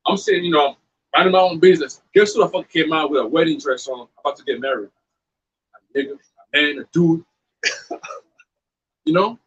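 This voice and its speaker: A man's voice: fairly high pitch, brisk, pauses often, fairly bright tone, breathy edge, lo-fi sound. A man preaching in a casual, profane, fired-up way, mixing scripture with blunt storytelling. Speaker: street preacher.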